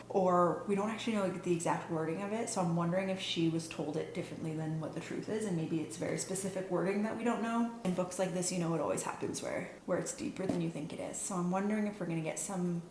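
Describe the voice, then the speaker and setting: A woman's voice: fairly low pitch, fast talker, few pauses, darkish tone. A young Western Canadian woman chatting casually and with strong opinions about books, laughing often and using lots of "like"s. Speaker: book vlogger. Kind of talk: casual chat. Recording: echoey room with faint background hum.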